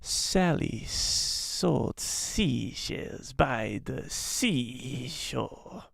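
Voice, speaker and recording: A man voicing a sly lizard-alien mercenary talking over comms, drawing out hissy S sounds very slowly and quietly. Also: medium pitch, animated, creaky, dry recording, clean studio sound, full character voice. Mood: hissing.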